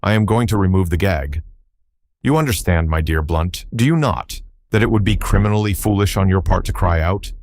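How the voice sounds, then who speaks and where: A man's voice: low-pitched, moderate pace, a little mellow, no echo. A man voicing a sneering, menacing foreign spy villain in an audiobook. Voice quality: silky, menacing.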